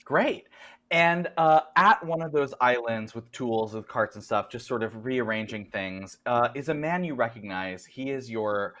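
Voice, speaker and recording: Guy gm'ing a horror game, middle voice, kinda halting and loose. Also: medium pitch, sharp tone. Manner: loose, halting narration with fillers. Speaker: game master. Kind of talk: narrating a tabletop game.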